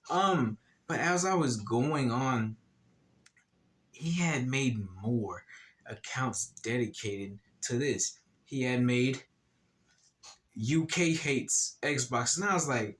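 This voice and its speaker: Guy doing laid back gaming commentary, slow and deliberate, repeats himself a lot. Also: mid-range voice, fairly bright tone. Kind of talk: casual commentary.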